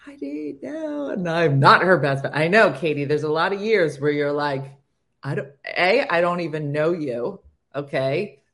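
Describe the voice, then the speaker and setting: A woman in her forties hosting a casual morning show, animated and acting out what people say. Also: low-pitched, normal speed. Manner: animated, gasping and acting out quotes. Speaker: host.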